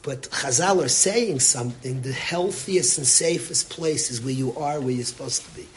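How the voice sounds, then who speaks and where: A man's voice: medium pitch, moderate pace, a little hiss or hum. A man delivering an inspirational religious talk, impassioned and repetitive, with Yiddish and Hebrew terms woven into his speech. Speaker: religious speaker. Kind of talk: inspirational sermon.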